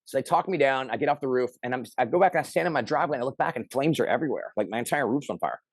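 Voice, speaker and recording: A man's voice: medium pitch, very fast, no room sound. Man telling a story, dry close sound. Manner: animated, acts out quoted lines loudly. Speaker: interview guest. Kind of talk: casual storytelling.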